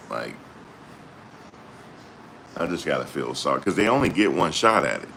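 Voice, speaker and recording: A male channel host reads court updates aloud and reacts in an animated, blunt, slangy way, swearing freely. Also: a bass voice, normal speed, vocal fry, pauses often, slight background noise. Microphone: desktop USB microphone.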